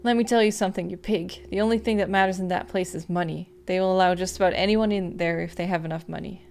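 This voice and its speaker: Sneering hard-nosed detective, low and quiet with contempt, as a woman puts it on; game read-aloud. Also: fairly even intonation, fast, vocal fry, a little hiss or hum. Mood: scornful. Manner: low, cold, insulting.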